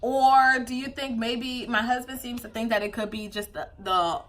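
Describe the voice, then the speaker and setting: A young woman talks to her camera in a casual confessional vlog, speaking in with a bright, forceful tone. Her voice sits a bit high, and her talk is candid and emotional, full of fillers. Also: steady tone, normal speed. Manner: emotional, tearful at times, candid, lots of fillers. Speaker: vlogger, new mother.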